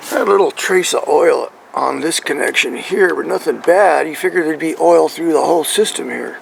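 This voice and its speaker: Brief: gravelly, slightly high-voiced man, rambling DIY explainer with faint outdoor hum behind. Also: moderate pace, rough recording. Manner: rambling, checks in with "right?" and "okay?". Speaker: truck owner showing his engine. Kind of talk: casual how-to explanation.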